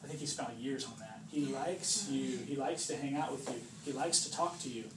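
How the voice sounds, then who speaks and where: A man's voice: medium pitch, fairly quick. Chatty man preaching in an echoey room. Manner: chatty, jokes and acts out voices, asks "right?" often. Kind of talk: informal sermon to a small group. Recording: roomy distant recording with background noise.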